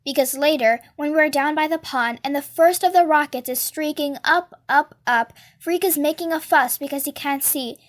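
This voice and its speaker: A woman reading a novel aloud in a lively first-person narration. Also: high-pitched, moderate pace, hardly any pauses. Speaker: storybook reader.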